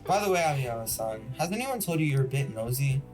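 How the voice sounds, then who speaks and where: Picture an earnest young woman fortune teller from a game, gentle and insistent as she urges people to find their own strength. A man reads her lines in his own mid-range voice. Faint game music plays beneath. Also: mid-range voice, big pitch swings, brisk, lightly acted. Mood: teasing. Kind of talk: voiced reading of game dialogue.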